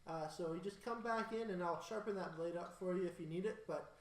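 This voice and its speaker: A man's voice: high-pitched, close to an everyday voice. A man voicing a polite town blacksmith. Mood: friendly. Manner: friendly, a bit halting. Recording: echoey room, mic at a distance.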